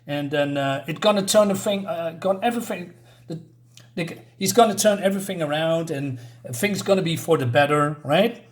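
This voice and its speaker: A man's voice: on the high side, normal speed. A man casually reviewing an old comic book, rambling with many fillers.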